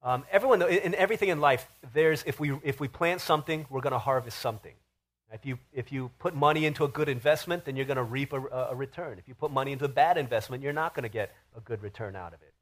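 A man preaching a sermon as pastor, telling stories in an animated, emphatic way. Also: medium pitch, quick pace. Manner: animated storytelling with rising emphasis.

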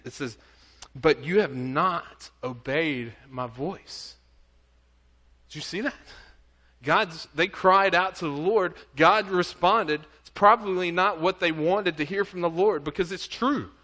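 A man's voice: on the high side, pushed and bright. A man preaching a sermon, reading scripture aloud and earnestly urging his listeners. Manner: reads scripture then exhorts, pleading and earnest.

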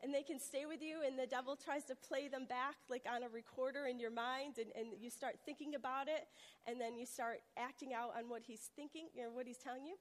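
A woman's voice: high voice, fairly even intonation, a little fast, in a large hall. A woman preaching a testimony sermon, telling a personal story earnestly and acting out the voices in it. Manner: earnest storytelling, acts out quotes with rising intensity.

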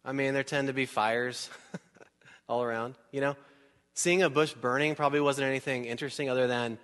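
A man's voice: mid-range voice, normal speed. Conversational male pastor preaching in a reverberant hall. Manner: conversational and animated, asks the crowd questions, acts out scenes. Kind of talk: sermon.

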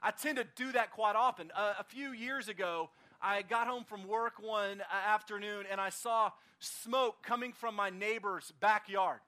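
High, bright-voiced man preaching casually. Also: unhurried, few pauses. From Oklahoma, United States. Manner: casual, animated storyteller with frequent fillers. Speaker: pastor. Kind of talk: conversational sermon with storytelling.

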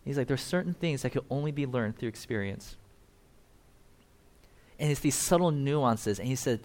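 A man preaching a sermon, animated, acting out quoted lines with rising energy and laughing now and then. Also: medium pitch, normal speed, pauses often. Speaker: pastor.

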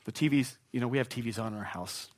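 A man preaching a sermon in a conversational way, dropping to a hush and rising to loud asides. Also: mid-range voice, fast. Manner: conversational preaching, swings from hushed to shouted asides. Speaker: pastor.

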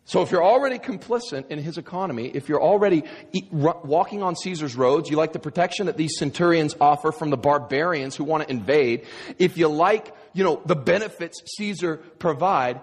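An American pastor preaches a sermon emphatically, firing off sarcastic rhetorical questions in a fairly high, animated, slightly rough voice at a somewhat fast clip. The long reverb of a large hall surrounds him.

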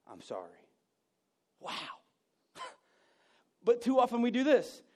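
A man preaching a conversational sermon, self-mocking, with loud emphatic bursts and hushed asides. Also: very high voice, takes it slowly.

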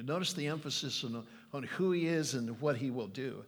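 A man's voice: a little high, normal speed. An older man preaching a sermon, earnest and pleading, reading scripture aloud with emphasis. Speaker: pastor.

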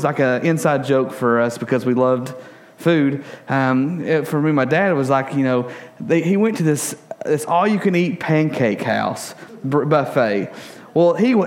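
Animated joking man preaching a sermon. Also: a little high. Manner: casual, joking, animated storytelling with many fillers. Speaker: pastor.

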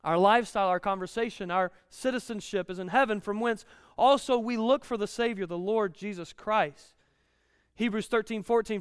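A man's voice: high-pitched, normal speed, smooth, dry recording, clean studio sound, big-room sound. A man in his thirties preaching a conversational sermon, repeating key lines and rising in volume when he reads scripture.

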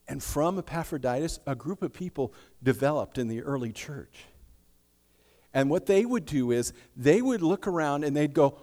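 A man preaching a sermon, emphatic, swinging between hushed and loud delivery. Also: on the high side, lively intonation, normal speed. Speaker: pastor. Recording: long reverb of a large hall.

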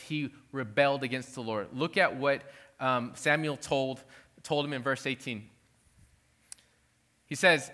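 A man preaching a sermon with a high, bright, forceful voice. He sounds earnest and pleading as he works through a passage, and he often breaks off and restarts his sentences. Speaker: pastor.

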